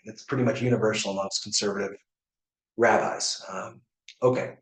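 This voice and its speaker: A man's voice: fairly low pitch, fairly even intonation, a little fast. An American man, a rabbi, teaching a class in a casual way, with many fillers and restarts and frequent checks on his students. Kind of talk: informal class lecture. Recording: echoey room.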